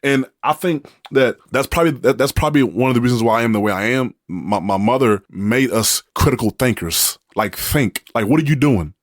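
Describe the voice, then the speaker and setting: A young man co-hosting a relationship podcast in casual chat, rambling and repeating words as he thinks aloud, often quiet and low. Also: brisk, few pauses, dry recording, studio quality. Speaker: podcast co-host.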